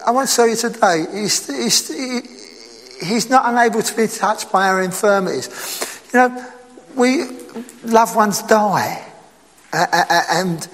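A man preaching a sermon in a lively, conversational way, asking his listeners rhetorical questions. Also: sits high, unhurried, long reverb tail.

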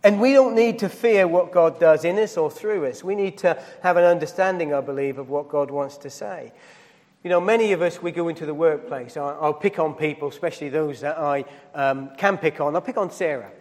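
Guy preaching a sermon, high voice, church hall with long echo, asks the crowd stuff. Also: brisk, a little mellow. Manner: preaching with rising emphasis and direct questions to the congregation. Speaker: pastor.

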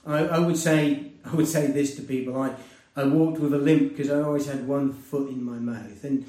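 A man preaching a sermon and sharing a personal testimony, earnest and conversational, rising to loud emphasis and dropping to hushed tones. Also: medium pitch, steady tone, moderate pace. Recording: roomy, distant mic.

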